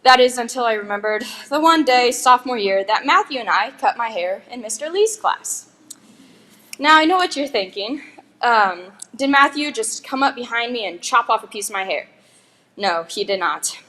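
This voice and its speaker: A young woman graduating as valedictorian gives a chatty, joking commencement speech at her school's graduation ceremony, with giggling asides. Her voice is on the high side, bright and forceful, with lively intonation and a moderate pace.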